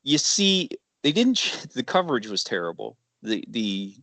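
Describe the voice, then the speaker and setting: A man co-hosting a casual sports chat, talking in a measured, hesitant way with many fillers. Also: mid-range voice, very animated, a bit bright, no echo. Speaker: sports podcast co-host.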